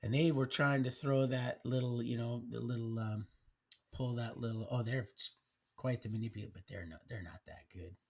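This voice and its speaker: A man's voice: mid-range voice, steady tone, normal speed, darkish tone. A man casually telling his life story on a live stream, rambling and colloquial, with frequent restarts. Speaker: livestream storyteller. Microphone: streaming mic.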